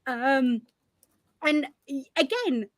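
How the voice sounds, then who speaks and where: A woman with a Yorkshire accent, co-hosting a casual podcast chat, lively and blunt, laughing often and swearing freely. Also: high voice, very slow, no room sound. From Northern England. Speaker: podcast co-host.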